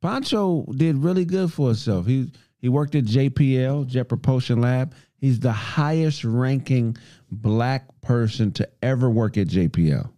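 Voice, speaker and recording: A man in casual group talk, telling stories with lots of profanity and acting out heated exchanges. His pitch swings widely as he talks. The sound is dry and close. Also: unhurried, no room sound. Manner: animated storytelling, profane, acts out arguments in a raised voice. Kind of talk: casual chat.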